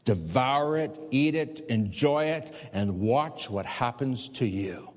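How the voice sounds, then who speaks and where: A man's voice: mid-range voice, lively intonation, takes it slowly. A male pastor preaching a sermon, emphatic and repetitive with rising outbursts. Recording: long reverb of a large hall.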